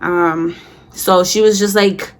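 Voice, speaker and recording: A young woman in her twenties telling a storytime while doing her makeup, slangy and animated, acting out heated quotes. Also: fairly low pitch, takes it slowly. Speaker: vlogger.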